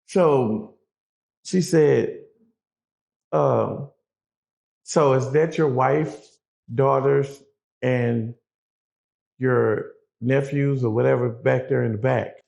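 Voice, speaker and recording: Gravelly-voiced man telling a story. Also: medium pitch, extremely slow, pauses often. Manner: animated, profane street talk, quotes others. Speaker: guest telling prison stories. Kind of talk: casual storytelling.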